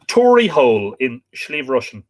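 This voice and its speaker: A man's voice: mid-range voice, big pitch swings, normal speed. An Irish man hosting a live book talk, reading aloud and breaking off for musing asides and self-corrections. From Ireland.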